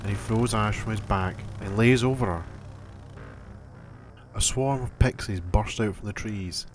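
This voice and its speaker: Male narrator, lower pitch, calm storytelling, slight background noise. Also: a little slow.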